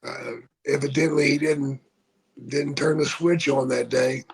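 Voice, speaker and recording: A man's voice: medium pitch, steady tone. An older man, a retired wrestler, telling profane stories in a casual podcast chat. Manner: slow, gravelly, profane storytelling.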